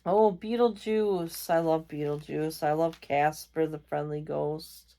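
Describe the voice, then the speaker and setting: A woman's voice: low voice, fairly even intonation, slow pace, mellow. A tired woman chatting casually as a vlog host, rambling with many fillers. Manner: reads out magazine lines. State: tired, yawning. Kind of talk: casual chat.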